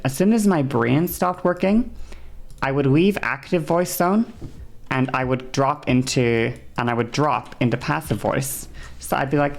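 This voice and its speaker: Despite a sore throat, this woman streamer from an English-speaking background chats casually and explains things at length, rambling with frequent fillers and restarts. She sounds low-pitched and darkish, with vocal fry.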